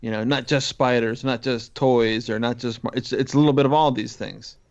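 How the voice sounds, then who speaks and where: A man's voice: mid-range voice, steady tone, normal speed, darkish tone, dull audio. A man hosting a podcast, introducing guests and joking playfully. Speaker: podcast host. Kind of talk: casual chat.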